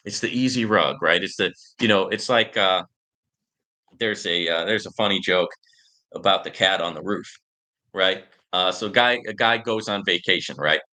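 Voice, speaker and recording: A man's voice: low-pitched, normal speed, bright, forceful tone. A man hosting a casual livestream and answering viewer comments. He rambles and tags his points with "right?" and filler words. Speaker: livestream host.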